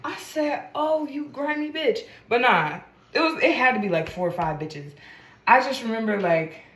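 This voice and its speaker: A woman vlogger telling a story in a casual, animated, profane, streetwise way. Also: medium pitch, moderate pace, low-quality recording.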